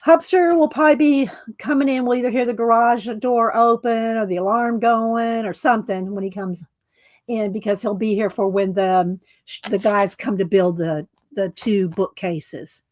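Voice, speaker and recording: Woman host, middle-aged, casual livestream chat, rambling and giggly, voice sits a bit high. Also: fairly even intonation, moderate pace, darkish tone. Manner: rambling, chatty, laughs often, greets viewers.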